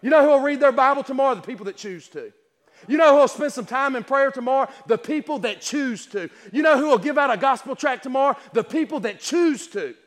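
A male preacher delivering a sermon at a church service, emphatic and repetitive, firing rhetorical questions and stumbling over quick restarts. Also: very high-pitched, lively intonation, long reverb tail. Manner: stammering restarts.

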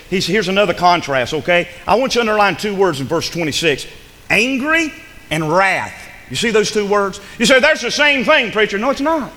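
Male pastor, high and animated, bright ringing tone, echoing sanctuary, fervent sermon. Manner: preaching with rising fervor, call-and-response amens. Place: church sanctuary. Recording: long hall reverb.

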